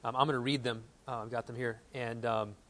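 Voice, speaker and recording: A man in his thirties preaching a sermon, earnest and animated, reading quotes aloud and telling stories from home. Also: mid-range voice, brisk. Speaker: pastor.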